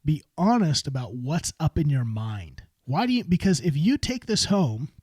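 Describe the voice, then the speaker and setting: A man's voice: fairly high pitch, darkish tone, no echo. A middle-aged man hosting a solo podcast, coaching business owners in an earnest, encouraging way and often restarting his phrases. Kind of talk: solo motivational podcast talk.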